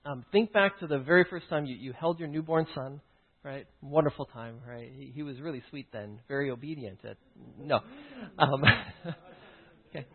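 A man's voice: medium pitch, normal speed, breathy edge. A man teaching through a personal story, often stopping to check in with "right?" and "okay?". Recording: tinny phone-like line.

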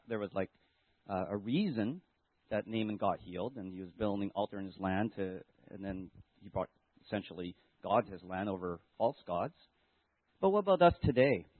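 His voice is fairly low, captured in a dry recording with a tinny, phone-like quality. A church member, he delivers a casual Sunday message, retelling a Bible story to children and thinking aloud with many restarts.

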